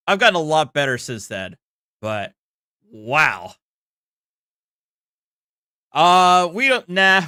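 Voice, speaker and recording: Slow, bright-voiced video commentator. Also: medium pitch, no echo, studio quality. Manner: laid-back, amused, conversational. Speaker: host reacting to videos.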